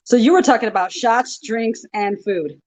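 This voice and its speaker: A woman's voice: a little high, animated, normal speed, darkish tone. An American woman who is a guest on a podcast, chatting in a bubbly way, laughing easily as she guesses aloud. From United States. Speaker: guest, wrestling referee. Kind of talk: casual interview chat.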